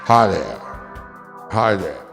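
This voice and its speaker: Gravelly man rambling profanely. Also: low-pitched, big pitch swings, takes it slowly, a bit bright. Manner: rambling, profane, joking, often trails off. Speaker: livestream host. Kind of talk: rambling casual chat. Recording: clear music and crowd noise behind.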